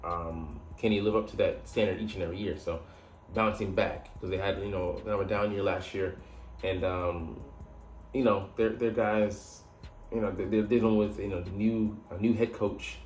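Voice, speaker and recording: A man's voice: on the low side, steady tone, normal speed, darkish tone, soft background music. Rambling man breaking down football in an echoey room. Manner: rambling, many fillers and restarts. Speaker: podcast host. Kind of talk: casual sports analysis monologue. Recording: echoey room with faint background noise.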